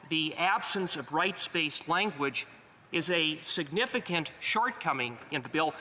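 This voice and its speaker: A man delivers a formal, emphatic speech to a legislative chamber. His voice sits a little high and rings bright and forceful. The recording carries the long reverb of a large hall. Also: slight background noise. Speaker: member of parliament.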